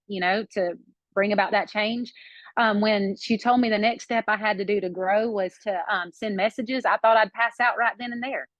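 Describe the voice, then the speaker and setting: A woman's voice: medium pitch, no room sound. A woman from South Georgia with a Southern accent, sharing her story on a group call while nursing a baby, close to tears. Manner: emotional, warm-hearted sharing, near tears. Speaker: team member on a group call. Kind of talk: casual testimony on a video call. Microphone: video call. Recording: dull lo-fi call audio.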